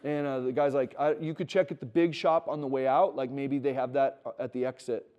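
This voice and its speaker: At a Christian wilderness school, a middle-aged man preaches to students in a teaching room, his mid-range voice a little fast and the recording's highs cut off. He keeps it conversational, telling stories, voicing quoted dialogue and building to animated emphasis.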